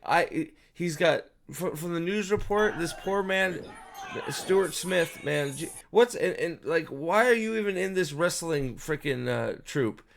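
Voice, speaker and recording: A man's voice: on the high side, gravelly, noisy background. A man giving casual, profane video commentary as host, ranting in an exasperated way with frequent restarts.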